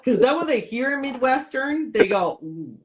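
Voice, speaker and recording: A woman from upstate New York talks in a relaxed, chatty interview voice. She is a lively storyteller who slips into other people's voices as she goes. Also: high-pitched, normal speed, noisy background. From Syracuse, New York. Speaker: guest comedian and TV host. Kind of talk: casual interview chat.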